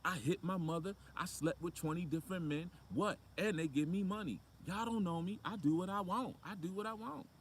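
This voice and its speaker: A man mimicking a defiant, unruly teen girl from a daytime talk show, her voice pushed up high and loud. She taunts and repeats herself, brushing everyone off. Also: a little fast, hardly any pauses, slight background noise. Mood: defiant taunting. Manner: mocking, taunting, repetitive.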